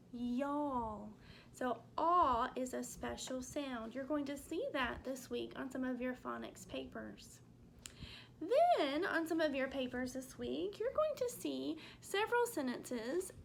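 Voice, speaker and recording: A woman with a Texan accent teaching a first grade phonics lesson to children at home, speaking slowly and clearly and drawing out her example words with patience. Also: high-pitched, a bit bright, a little hiss or hum.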